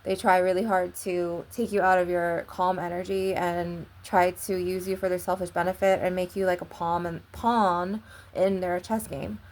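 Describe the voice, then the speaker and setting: A young woman with a slightly low voice tells a story to her viewers. She rambles and leans hard on "like". Her swearing runs all through it. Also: level tone, normal speed, a little mellow. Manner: rambling, heavy use of "like", frequent swearing. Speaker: vlogger. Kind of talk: casual storytelling.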